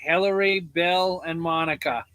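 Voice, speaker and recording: A man from Arkansas chats slowly and easily on a homestead livestream, joking with the viewers and pausing on fillers. His voice is high and bright, recorded dry and close. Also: fairly even intonation, no echo. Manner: easygoing, joking, with fillers and restarts. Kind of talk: casual livestream chat.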